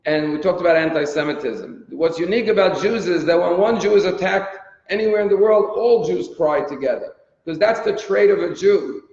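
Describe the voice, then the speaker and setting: A man with a high voice delivers a daily sermon, retelling scripture and asking rhetorical questions as he goes. The sound is dull and lo-fi, with a long reverb trailing off the walls of a hall. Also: a little fast, darkish tone. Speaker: rabbi. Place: synagogue hall.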